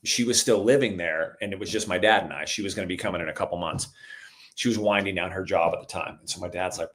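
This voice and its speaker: A middle-aged man telling stories in a relaxed conversation, calling the listener "dude" a lot and getting animated at the exciting parts. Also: sits low, fairly quick. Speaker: podcast guest. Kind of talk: casual storytelling chat.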